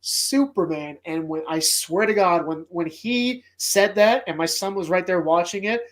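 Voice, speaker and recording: A man hosting a casual movie podcast, retelling film scenes with animated, profane, emotional enthusiasm. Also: high voice, moderate pace. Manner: emotional, choked up at times. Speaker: podcast host.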